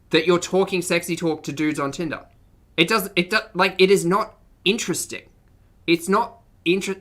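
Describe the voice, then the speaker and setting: A woman's voice: on the low side, a bit bright. A woman giving live-stream reaction commentary in a blunt, sarcastic, exasperated way.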